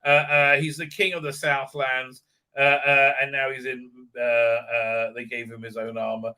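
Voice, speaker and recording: Bright-voiced man ranting on a stream. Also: medium pitch, a little slow. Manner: rambling and profane, full of stammered fillers, mocking quoted voices. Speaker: host of a live stream. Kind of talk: ranting episode recap.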